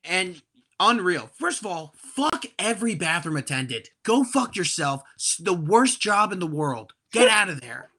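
A man in his twenties, a podcast guest, telling a comic story in a profane, animated, exasperated way. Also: high-pitched, normal speed.

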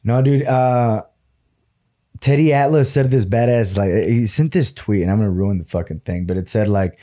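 A man's voice: mid-range voice, moderate pace, warm tone. A man co-hosting a podcast who chats casually about fights, swears freely and slips words into his talk. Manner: swears a lot, drops into Spanish words. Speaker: podcast co-host.

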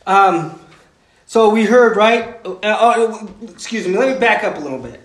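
A man's voice: high voice, a little slow, reverberant, poor audio. A man preaching a sermon in a conversational way, full of fillers and "right?" asides. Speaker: pastor.

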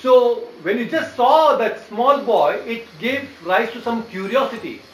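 High-voiced man preaching in an echoey room. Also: expressive, unhurried, fairly bright tone, slight background noise. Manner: explanatory, checks in with the audience. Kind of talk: devotional lecture. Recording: echoey room with faint ambience.

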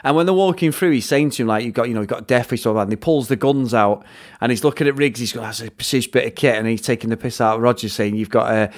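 Man, casual film review chat, rambling, mid-pitched voice. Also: fast. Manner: chatty, rambling, retells scenes with impressions. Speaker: podcast co-host.

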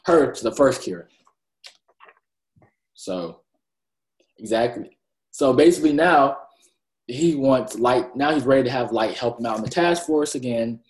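A male podcast co-host recaps an anime casually, drifting between retold scenes and acted-out character lines. His medium-pitched voice is animated yet unhurried, with long pauses. The recording has an echoey room sound.

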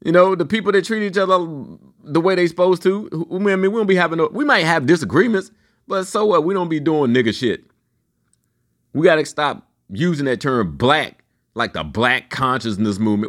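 A man in his fifties delivering a loose, profane, rambling solo rant, his pitch swinging up and down as he goes. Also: expressive, fairly quick, a bit bright. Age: 50s. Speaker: vlogger.

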